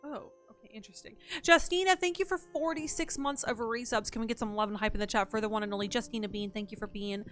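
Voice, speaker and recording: A woman's voice: on the high side, fast, few pauses, a bit bright, soft background music. A young woman streaming a mystery game, chatting casually, thinking aloud and thanking her chat.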